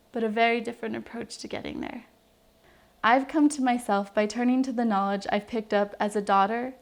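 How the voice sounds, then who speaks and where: A woman's voice: on the high side, gravelly. A woman from New Mexico, around her thirties, reading a heartfelt, personal letter to her young daughter in an earnest, reflective way.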